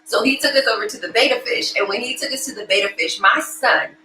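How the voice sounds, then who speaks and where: A middle-aged woman tells a story from the stage, with a high, very bright voice. She jumps into the voices of the people in it with sweeping leaps in pitch. The sound carries a roomy hall echo and a faint hiss underneath. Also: quick pace. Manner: animated, acts out voices with big pitch jumps. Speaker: motivational speaker. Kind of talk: storytelling keynote talk. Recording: echoey hall with faint noise.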